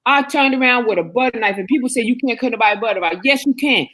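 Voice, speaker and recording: A woman in casual chat, telling stories in an animated, slangy way. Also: a little high, quick pace.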